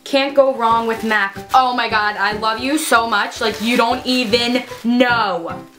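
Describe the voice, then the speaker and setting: A woman's voice: fairly high pitch, fairly even intonation, measured pace, pushed and bright, faint music behind. A young woman vlogging casually at home, bubbly and gushing, squealing with delight as she talks. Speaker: beauty vlogger. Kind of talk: casual unboxing vlog.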